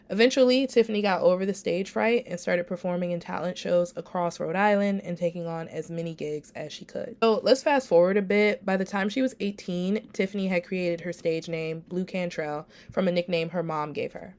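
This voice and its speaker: A woman's voice: on the low side, moderate pace, hardly any pauses, darkish tone. Chatty, congested woman podcast host. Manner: chatty and familiar, addresses listeners as y'all. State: stuffy, congested from a cold. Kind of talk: casual storytelling podcast. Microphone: recorded without a proper microphone.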